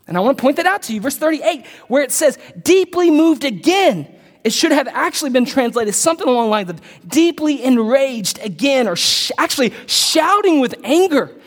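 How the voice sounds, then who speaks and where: High-voiced preacher man in a big hall. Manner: animated preaching, swings from low murmurs to loud bursts. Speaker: pastor. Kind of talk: sermon. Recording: long reverb of a large hall.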